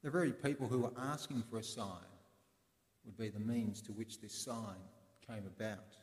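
A man preaching a sermon in a church, explaining in a conversational way with pauses. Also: fairly low pitch, darkish tone. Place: church in Sydney. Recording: echoey church with long reverb.

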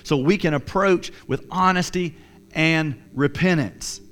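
A man's voice: a little high, unhurried, fairly bright tone. A man preaching a sermon, earnest and repetitive, often voicing the thoughts of a guilty listener. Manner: earnest, repetitive, acts out inner voices. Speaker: pastor.

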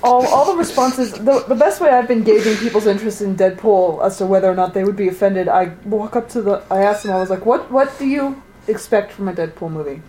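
A woman co-hosting a podcast, giving measured opinions with wry asides in casual chat. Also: medium pitch, mellow, a little hiss or hum, poor audio. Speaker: podcast co-host.

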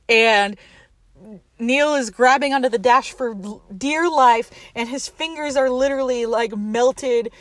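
A woman's voice: on the high side, no echo. A young woman casually retelling a movie plot, chatty and laughing often, acting out the characters' lines.

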